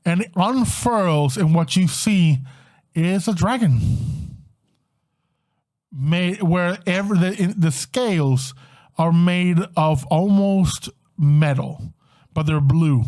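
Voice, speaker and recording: Brief: male game master, higher-pitched, loose and laughing narration. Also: slow pace, darkish tone.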